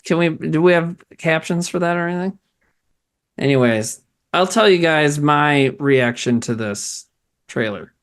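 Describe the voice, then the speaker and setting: A man's voice: on the high side, measured pace, fairly bright tone. A man co-hosting a casual trailer-review chat, rambling through his thoughts with lots of swearing and laughter. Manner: rambling, laughing, swears a lot, many fillers. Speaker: podcast co-host.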